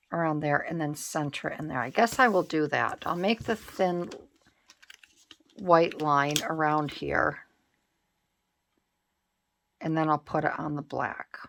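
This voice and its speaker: Slow, gravelly-voiced woman crafting. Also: deep voice, steady tone, a bit bright. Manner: thinking aloud, hesitant and musing. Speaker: craft channel host. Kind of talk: casual craft tutorial narration.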